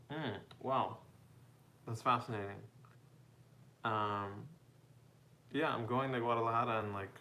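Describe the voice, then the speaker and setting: A man from the United States chatting casually as a live streamer, reading out viewer comments and answering them in a relaxed way, often laughing and calling people "bro" and "man". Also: mid-range voice, slight background noise. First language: bilingual with Spanish, parents from Mexico. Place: home room.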